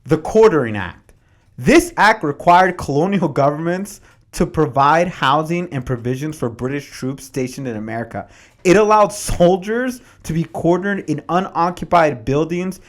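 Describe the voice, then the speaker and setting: Male podcast host, fairly high, very expressive pitch, casual and animated, reads passages then riffs. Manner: animated, dramatizes history with slangy asides. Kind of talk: casual podcast talk mixed with reading from notes.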